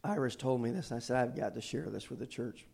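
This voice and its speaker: A man preaching a sermon in a church, swinging from loud fervent declarations to quiet, folksy storytelling. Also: medium pitch, fast, gravelly, husky. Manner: preaching with rising intensity, then quiet storytelling. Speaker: pastor. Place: church sanctuary with balcony.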